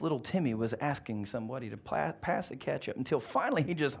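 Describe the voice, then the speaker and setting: A male pastor preaching a sermon, telling a story with animated swings from quiet to loud. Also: medium pitch, fast, vocal fry, few pauses.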